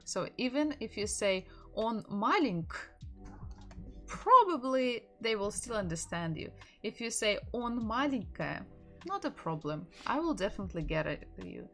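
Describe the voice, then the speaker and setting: A woman whose first language is Russian teaching a live language lesson, slowly repeating words for learners to echo, laughing lightly between explanations. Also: medium pitch, big pitch swings, bright, forceful tone.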